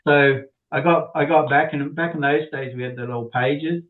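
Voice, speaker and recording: A man's voice: on the high side, fairly even intonation, normal speed, roomy sound. A middle-aged man telling a rambling personal story as an interview guest, repeating words as he goes. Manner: rambling, repeats words, acts out quoted people. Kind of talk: casual anecdotal storytelling. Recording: tinny phone-like line.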